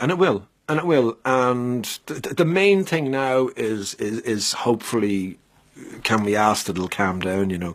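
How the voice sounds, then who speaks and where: A middle-aged Irish man, a musician and actor, telling lively stories in a radio interview with frequent restarts. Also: on the low side, slightly rough. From Ireland. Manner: animated anecdotes with many restarts. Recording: radio studio.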